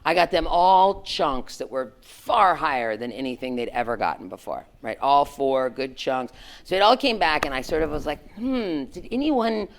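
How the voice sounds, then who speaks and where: A middle-aged woman, a former tech executive, telling a story to students in a frank, animated way, full of "like" and "right?". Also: a bass voice, moderate pace. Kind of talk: candid storytelling talk to students.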